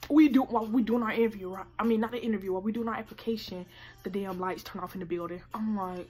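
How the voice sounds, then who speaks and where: A teenage woman telling a story to her camera, animated and profane, acting out what people said. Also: mid-range voice, fast talker. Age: late teens. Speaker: vlogger. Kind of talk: casual storytime vlog. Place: indoor room by natural light.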